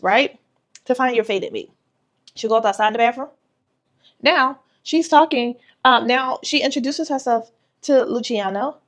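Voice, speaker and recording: A woman author giving a casual vlog tutorial, retelling a story animatedly with quoted voices. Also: fairly high pitch.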